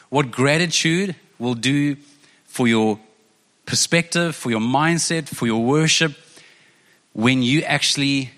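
A man's voice: on the high side, a bit bright. Man, pastor, sermon, earnest conversational delivery, long hall echo. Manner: conversational, earnest preaching with repeated phrases.

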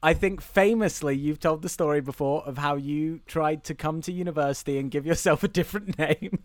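Teasing British man, high voice, dry. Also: a little fast, no room sound. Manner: teasing, laughs often. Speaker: podcast host. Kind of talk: casual comedic chat.

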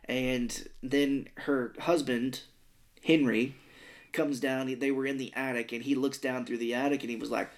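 A man's voice: medium pitch, steady tone, normal speed. A man co-hosting a podcast, retelling a movie's scenes in casual chat and briefly acting out the characters' lines, with some swearing. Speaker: podcast co-host.

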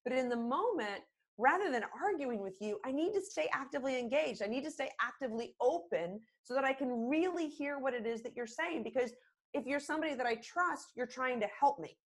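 Expressive woman, a podcast guest. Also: high voice, brisk. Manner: animated, expressive, acts out quoted phrases. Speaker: podcast guest, communication expert. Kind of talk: conversational podcast interview.

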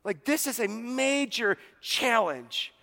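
A man preaching a sermon in a casual, animated way, acting out the scenes he retells. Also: extremely high pitch, takes it slowly, long reverb tail. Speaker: pastor.

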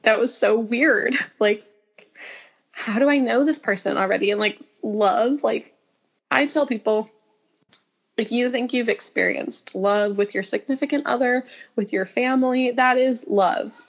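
A woman's voice: a little high, a little slow. Brief: young woman, podcast guest, chatty filler-heavy storyteller, slightly muffled lo-fi sound. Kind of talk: casual interview. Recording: slightly dull lo-fi audio.

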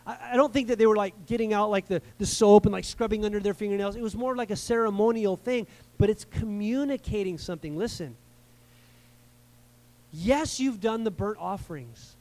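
A man's voice: high voice, moderate pace, darkish tone. A man preaching a sermon to a live congregation in a conversational way, repeating words for emphasis and checking in with his listeners. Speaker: pastor. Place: church service before a live congregation.

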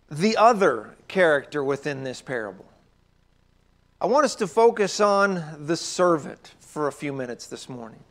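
A man preaching a sermon in a conversational way, with joking asides and frequent restarts. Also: high voice.

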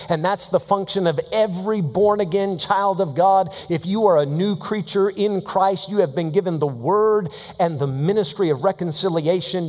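A man preaching a sermon as pastor, emphatic and lively, slowing down to read scripture aloud. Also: fairly high pitch. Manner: animated, laughing storytelling. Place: church sanctuary. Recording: long church hall reverb.

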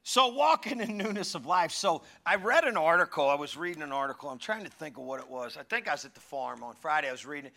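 Man, middle-aged, pastor, conversational sermon, high voice, gravelly, animated with hushed asides. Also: fast, hardly any pauses. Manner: animated, shifts from loud calls to hushed asides. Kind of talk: conversational sermon with humorous stories.

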